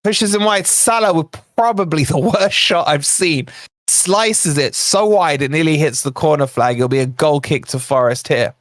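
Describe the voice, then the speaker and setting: A man hosting a live football watch-along for a fan channel, narrating the play in a chatty way, talking to his viewers and breaking into excited shouts at near misses. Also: on the high side, normal speed, no echo, studio quality. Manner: excitable, bursts into shouts at chances then calms; chatty asides to viewers in the chat.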